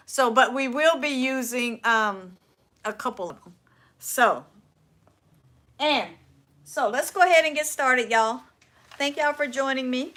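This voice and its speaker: Bright chatty folksy woman host. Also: high voice, unhurried, pauses often. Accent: Southern US. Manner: chatty, folksy, says y'all a lot, trails off and restarts. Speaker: furniture upcycling livestream host. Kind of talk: casual livestream chat.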